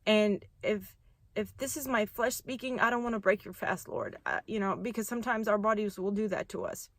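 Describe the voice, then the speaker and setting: A woman's voice: mid-range voice, fairly quick, fairly bright tone, no echo. Earnest, heartfelt woman, dry close sound. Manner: earnest, heartfelt, rambling with restarts. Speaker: vlogger sharing a faith testimony. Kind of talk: casual storytime testimony.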